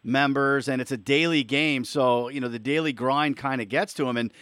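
A man in casual chat, speaking in a measured, thoughtful way with fillers. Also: mid-range voice, a bit bright, clean tone, no echo.

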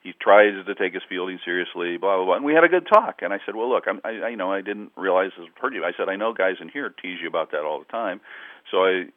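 A man's voice: sits low, expressive, fast talker, dry recording. Man telling stories over a tinny phone line. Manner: rambling, chuckling anecdotes with many fillers. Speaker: sportswriter guest. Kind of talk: casual storytelling interview.

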